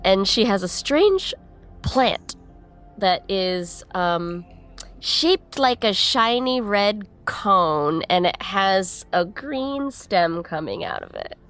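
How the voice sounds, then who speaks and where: A woman's voice: mid-range voice, big pitch swings, takes it slowly, a bit bright, clean tone, soft background music. A woman playing a tabletop game, playfully describing her character's actions. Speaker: player.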